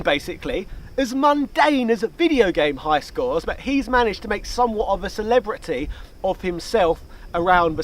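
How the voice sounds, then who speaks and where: A man hosting a casual Q&A, chatty and jokey, with quick asides. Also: high voice, low-quality recording. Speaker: YouTube host. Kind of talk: casual Q&A chat. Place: outdoor location, light background noise.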